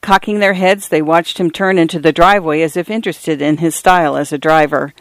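A man narrating a literary short story in a measured reading voice. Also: fairly high pitch, steady tone, fairly bright tone, dry recording. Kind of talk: audiobook narration.

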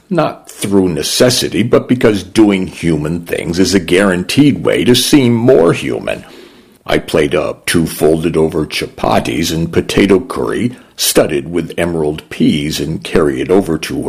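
Low husky guy reading a story, slow and calm, lots of rasp. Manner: measured, gentle, reflective. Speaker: narrator. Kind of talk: first-person storybook narration.

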